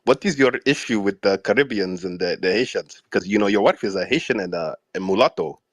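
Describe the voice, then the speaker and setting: A man's voice: fairly low pitch, quick pace, no echo, clean studio sound, natural voice. A male caller putting on a fake accent and taunting the host with insults.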